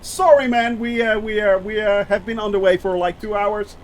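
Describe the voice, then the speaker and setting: High-voiced man streaming a flight game. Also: steady tone, normal speed, a little hiss or hum. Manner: chatty, lots of fillers, reads chat aloud; nervous about landing. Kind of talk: live gameplay commentary.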